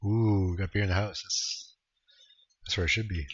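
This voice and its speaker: Here the Canadian streamer's voice sits low, with a steady tone and normal pace, over slight background noise. The young man laughs his way through replies to his live-stream chat, easygoing and freely profane, and the audio has a dull, lo-fi stream quality.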